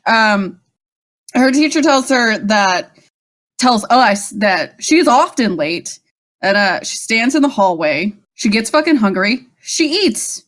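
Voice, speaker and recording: Slow-talking laughing woman podcaster. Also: a little high, expressive, fairly bright tone. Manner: laughing, swearing, rambling recap. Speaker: podcast co-host. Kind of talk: casual rewatch chat.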